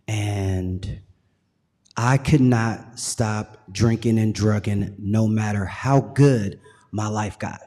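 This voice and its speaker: A man's voice: mid-range voice, mellow. Earnest man giving testimony in a hall. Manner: earnest, measured, passionate. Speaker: guest speaker. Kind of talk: personal testimony. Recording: long hall reverb.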